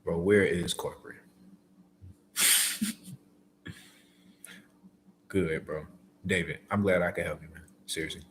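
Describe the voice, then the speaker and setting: A man's voice: low-pitched, fairly even intonation, takes it slowly, pauses often, a bit bright, slight background noise. A man in casual livestream chat, laid-back and slangy, answering viewers' questions as a delivery driver. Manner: laid-back, slangy, acts out phone calls.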